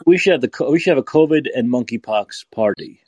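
A man's voice: mid-range voice, lively intonation, quick pace, darkish tone, breathy edge, no echo. A man hosting a podcast, ranting angrily and profanely, sounding tired and upset. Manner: profane, scornful. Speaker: podcast host. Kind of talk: angry political rant.

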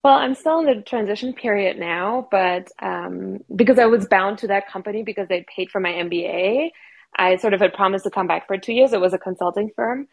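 Husky woman sharing her story. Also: mid-range voice, brisk, rough recording. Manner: earnest, reflective storytelling. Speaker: guest. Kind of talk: personal story in a podcast interview.

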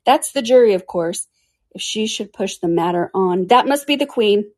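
A woman voicing a fussy, muddled old king who mutters and gets excited while judging a trial in a storybook. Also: mid-range voice, normal speed, close to an everyday voice.

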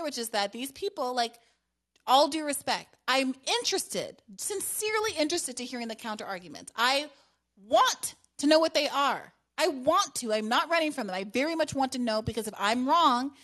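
Animated woman hosting a call-in podcast. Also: high-pitched, normal speed. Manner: animated, laughs often. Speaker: podcast host taking calls. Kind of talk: casual call-in chat.

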